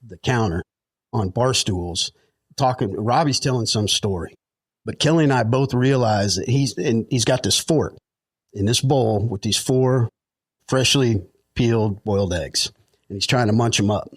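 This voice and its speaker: A man's voice: mid-range voice, measured pace, dry recording. A middle-aged man, a podcast guest, telling stories in a rambling, chuckling way with lots of fillers. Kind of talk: casual storytelling.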